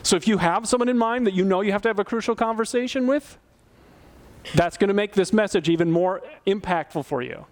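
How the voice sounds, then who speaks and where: A man with a fairly high voice preaching a sermon. He speaks conversationally and with emphasis, often turning to ask the congregation questions. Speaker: pastor.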